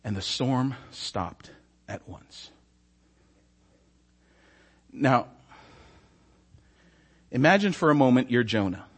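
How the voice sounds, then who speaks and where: A man's voice: mid-range voice, slow, pauses often. A man preaching a sermon as a story, acting out the characters' lines and often asking the congregation "right?". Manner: animated, acts out voices, asks "right?".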